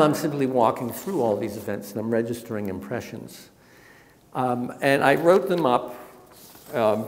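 A man's voice: medium pitch, a little hiss or hum. Man, author's talk, reflective, wry, frequent ums, long hall reverb. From Massachusetts, USA. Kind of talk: public talk with a reading.

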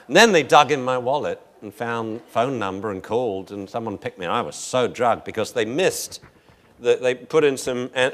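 A man's voice: mid-range voice, fairly bright tone. A man teaching a class on dog behavior, telling rambling stories and joking with the room. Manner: jokey, rambling storyteller, laughs often. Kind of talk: lecture with anecdotes.

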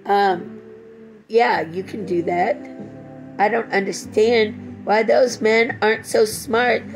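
A woman's voice: medium pitch, steady tone, takes it slowly, soft background music, low-quality recording. A middle-aged woman in a rambling personal monologue, profane and swinging between tender and angry.

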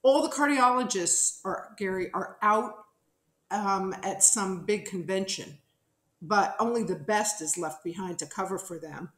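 A middle-aged woman from New Jersey, a podcast guest telling a story in a lively, animated way and acting out the people in it. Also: mid-range voice, a little slow. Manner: animated storyteller who acts out quotes. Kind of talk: casual storytelling interview. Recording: roomy echo.

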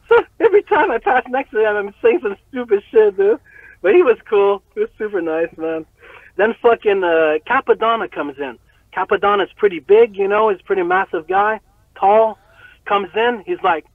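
A man from Montreal, a rapper and chef, excitedly telling stories as an interview guest, swearing and laughing often. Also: high-pitched, moderate pace, dry recording. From Montreal, Canada. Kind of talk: casual storytelling. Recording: tinny dry phone-like line.

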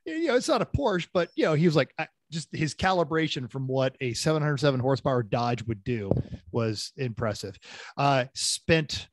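A man co-hosting a car podcast spins rambling anecdotes, restarting sentences and acting out what people said. His voice is a touch high. The sound is dry and close. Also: a little fast, no room sound. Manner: rambling storyteller, restarts, animated quotes. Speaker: podcast co-host. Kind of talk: casual podcast chat.

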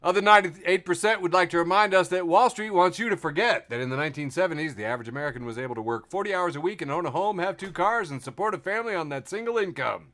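A man's voice: high voice, fast, hardly any pauses, fairly bright tone. A man hosting a casual podcast, reading memes aloud with a wry tone and laughing often. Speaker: podcast host.

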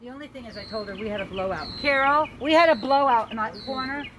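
A woman's voice: on the high side, fast, fairly bright tone, slight background noise. A woman who just adopted a dog, chatting and cooing at him in her home. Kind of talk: casual chat.

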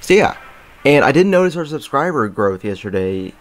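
A young man hosting a let's play, rambling casually with lots of fillers and throat clearing as he plays a strategy game. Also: medium pitch, big pitch swings, moderate pace. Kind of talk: casual gameplay commentary. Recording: faint game music behind.

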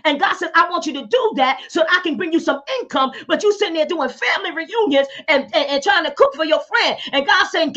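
A woman's voice: extremely high pitch, fairly bright tone, dull audio. A woman pastor hosting an online talk show, preaching fervently over a video call, urging listeners and bursting into hallelujahs and tongues. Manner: emphatic and exhorting.

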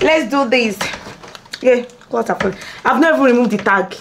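A woman's voice: on the high side, lively intonation, moderate pace, a little hiss or hum. A young woman in a casual behind-the-scenes vlog, chatting playfully to her viewers while getting ready at home. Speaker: beauty and lifestyle vlogger. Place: at home, among her filming lights.

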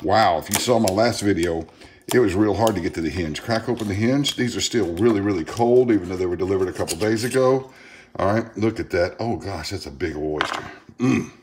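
A man's voice: lowish voice, a little fast, slight background noise. Folksy Louisiana man vlogging. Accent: Southern US, Louisiana. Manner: folksy, chatty, animated outbursts. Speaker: food vlogger. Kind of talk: casual unboxing and tasting vlog.

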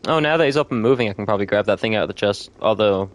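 A man's voice: lowish voice, very fast. Swearing young guy streaming a game. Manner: swears freely, laughs often, loud outbursts. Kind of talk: casual chat while gaming.

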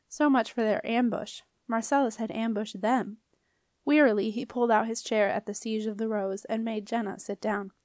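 A woman reading a children's fantasy novel aloud, with steady, expressive storytelling. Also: a little high, dry recording, clean studio sound. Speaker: audiobook reader. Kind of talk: audiobook narration.

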